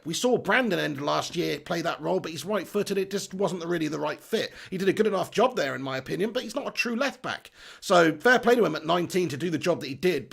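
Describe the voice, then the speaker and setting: A man's voice: fairly high pitch, creaky, breathy edge. A man hosting a football live stream, reading out chat comments in an upbeat, chatty way and laughing at himself.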